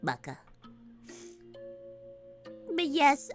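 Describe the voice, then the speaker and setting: A woman's voice: sits high, a little slow, bright, forceful tone, soft background music. A woman streamer chatting casually while reading a game aloud, playful and jokey, swearing and laughing often. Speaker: streamer and voice actor.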